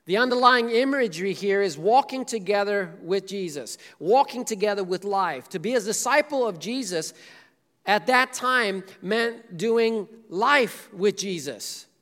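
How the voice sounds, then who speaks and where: A man's voice: high-pitched, expressive, a little slow, a bit bright. A male pastor preaching a sermon in a casual, joking way, retelling a story and acting out the quotes. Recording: echoey hall.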